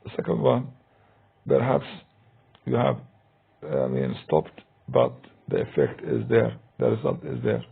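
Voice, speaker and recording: A man teaching English grammar in a recorded lesson, talking slowly and hesitantly with many fillers, with a deep gravelly husky voice. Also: very animated. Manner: slow, hesitant, many "uh" and "I mean". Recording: tinny phone-like recording.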